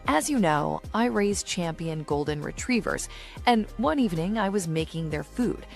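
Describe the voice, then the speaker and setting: A woman voicing a worried married woman who breeds dogs, in a calm, explanatory manner, in a joke video. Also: fairly low pitch, moderate pace, vocal fry, soft background music. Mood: concerned.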